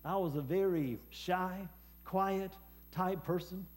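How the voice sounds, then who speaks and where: A man preaching a personal testimony sermon, speaking haltingly with many fillers and repeated words. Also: high-pitched, darkish tone. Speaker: preacher and former hospice chaplain.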